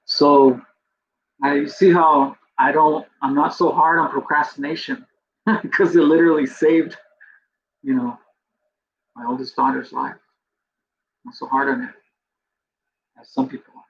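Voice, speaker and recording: A man with a raised, gravelly voice tells a personal story as a podcast host, rambling and leaning on fillers while fighting back tears. The recording is dull and lo-fi, with faint noise underneath. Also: fairly high pitch, fairly even intonation, measured pace, long pauses. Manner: rambling, full of "you know" and "like"; emotional, near tears.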